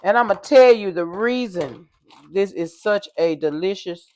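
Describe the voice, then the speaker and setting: An older woman chatting casually to viewers while baking in her home kitchen. She hums along as she works and sometimes gets loud in the microphone. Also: medium pitch, lively intonation, unhurried. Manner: loud at times, apologizes for yelling into the mic. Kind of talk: casual cooking vlog.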